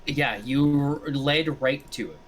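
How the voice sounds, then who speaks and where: A man's voice: medium pitch, slow pace, a little hiss or hum. A man running a tabletop game as game master, narrating loosely with many fillers.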